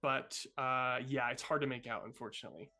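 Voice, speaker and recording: A woman's voice: very deep voice, fairly even intonation, fairly quick, bright, forceful tone. A woman narrating as game master of a tabletop game, hesitant and full of fillers.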